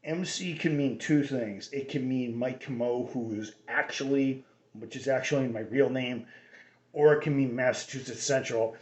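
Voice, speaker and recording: A man's voice: medium pitch, normal speed. Guy rambling on his own little radio show, lots of restarts, echoey room, kinda dull lo-fi sound. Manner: rambling, many restarts and fillers. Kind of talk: casual rambling monologue. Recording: roomy dull lo-fi recording.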